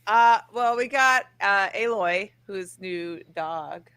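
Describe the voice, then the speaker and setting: A woman's voice: mid-range voice, slow, fairly bright tone, clear, resonant tone. A woman in her thirties chatting as an interview guest, rambling and leaning on fillers like "like". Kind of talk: casual interview chat.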